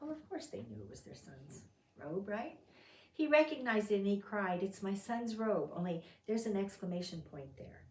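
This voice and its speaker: A woman's voice: mid-range voice, very animated, normal speed, far from the mic, slight background noise. A woman teaching a Bible study, telling the story dramatically and acting out the characters' lines. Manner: dramatic, acts out quotes with sudden loud outbursts. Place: fellowship meeting room. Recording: roomy sound from off the mic.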